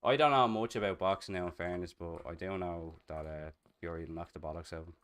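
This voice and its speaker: Young male streamer with a Dublin accent: deep, smooth and clear, casual and chatty. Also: a little fast, fairly bright tone. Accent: Dublin Irish. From Ireland. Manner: chatty, rambling, swears casually. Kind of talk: casual chat while streaming a roleplay game.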